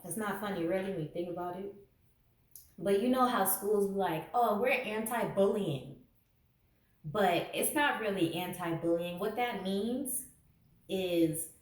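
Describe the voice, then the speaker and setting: A woman's voice: fairly low pitch, measured pace. A woman giving a casual tarot reading to camera, sarcastic and laughing often. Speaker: tarot reader. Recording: echoey room, mic at a distance.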